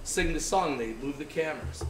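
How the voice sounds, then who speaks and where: A man's voice: on the high side, brisk, over loud music. An older man telling long, rambling stories in a casual chat at a noisy bar. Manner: rambling, animated storyteller. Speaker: guest storyteller. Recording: echoey bar, far from the mic. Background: bar crowd chatter.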